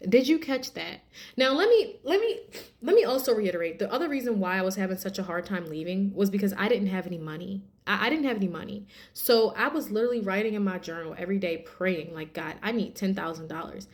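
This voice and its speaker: Animated woman telling a testimony. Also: mid-range voice, fast, few pauses. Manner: animated, addresses viewers as y'all, acts out quotes. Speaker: vlogger sharing a testimony. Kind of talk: casual storytelling testimony.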